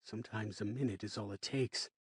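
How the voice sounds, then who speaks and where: A man narrating a thriller audiobook in the first person, wry and expressive. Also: fairly low pitch, brisk, slightly rough, dry recording, studio quality.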